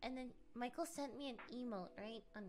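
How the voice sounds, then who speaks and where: Giggly high-voiced woman telling a story. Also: brisk, over music. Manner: giggly, lots of "like" fillers. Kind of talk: casual chat, telling a story.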